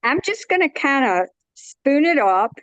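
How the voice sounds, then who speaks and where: A woman's voice: sits high, big pitch swings, measured pace, a bit bright, no echo. Chatty woman cooking. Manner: chatty, folksy, self-interrupting. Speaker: cooking demo guest. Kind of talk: casual cooking demonstration.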